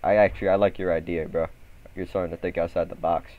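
A young man with a very low voice leads his squad in a game role-play. He takes charge and keeps telling people to hold up. Faint noise sits under his voice. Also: flat delivery, fast, narrow, tinny audio. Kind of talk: casual game role-play over voice chat.

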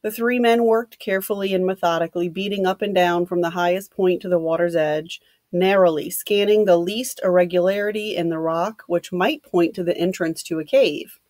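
A woman's voice: lowish voice, moderate pace, no room sound, clean studio sound. Woman teacher reading a novel aloud. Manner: plain, steady reading with brief instructions.

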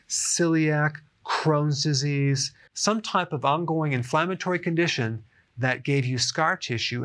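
A man's voice: a little high, a bit bright. A middle-aged man giving a casual health explainer to camera, chatty and often checking in with "okay?". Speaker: health educator.

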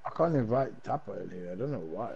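Lively young man on a muffled mic. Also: on the low side, fast talker, vocal fry, crowd noise. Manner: joking, hyping up the team. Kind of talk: casual chat while gaming.

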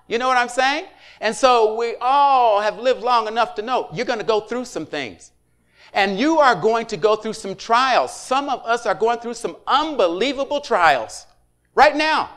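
A middle-aged male pastor preaching to his congregation in a loose, conversational way, tossing in quick asides and call-and-response prompts. His voice sits high for a man and comes through smooth and clear. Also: lively intonation, a bit bright. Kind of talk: sermon.

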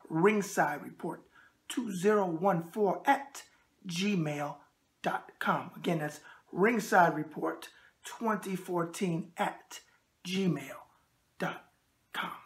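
A man's voice: high voice, fairly bright tone. A man with a New York accent hosting a casual video mailbag show, chatty and jokey. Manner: jokey, chatty, repeats a catchphrase. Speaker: host.

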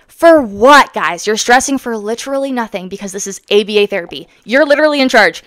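A woman's voice: on the high side, animated, fast talker, no room sound. Young canadian woman ranting into a dead dry mic, emphatic, lots of swearing. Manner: emphatic, blunt, swears freely. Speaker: autistic vlogger reacting to a therapy video. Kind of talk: heated commentary.

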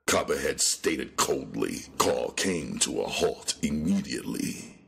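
Deep male narrator, gravelly, husky, lively dramatic audiobook reading. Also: takes it slowly. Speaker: audiobook reader.

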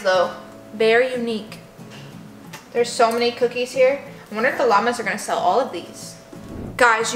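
A young woman with a high, bright voice chats animatedly to her toys and her viewers in a playful vlog. The sound carries a roomy echo, with faint music underneath. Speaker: vlogger playing with toy llamas. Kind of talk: playful kids' vlog narration.

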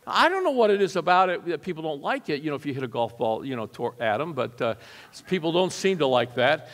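A middle-aged man preaching a storytelling sermon in a church, folksy and lively, with his voice climbing high and loud when he hits a punch line. His pitch sits a bit above average, and a long hall reverb trails after his words. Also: fast talker. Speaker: guest preacher. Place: church sanctuary.

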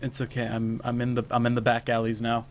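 A man's voice: mid-range voice, completely flat delivery, fast talker, a little hiss or hum. A young man chatting casually while playing a team shooter, joking around and swearing freely. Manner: joking, swears freely, sings and mimics game lines. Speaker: gaming channel host. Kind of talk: casual gameplay chat.

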